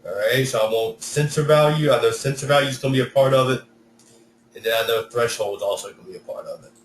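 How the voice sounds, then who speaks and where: A man's voice: medium pitch, quick pace. A man teaching students coding in a live online lesson, talking through each step and correcting himself as he goes. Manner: talks through code step by step, self-correcting. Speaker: coding instructor. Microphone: computer mic, sound reported as poor by students. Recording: echoey room, distant mic, faint hiss.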